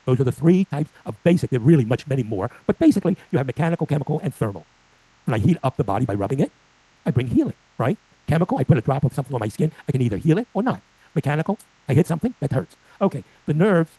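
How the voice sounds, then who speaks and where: An older man lectures a room of clinicians at a rapid clip, firing questions at his listeners and slipping into his patients' complaints. His voice is mellow and a little husky, and it sounds dry and close. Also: fairly high pitch, no echo, rough recording. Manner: lively, asks the audience questions and acts out patients' complaints. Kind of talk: live lecture with slides.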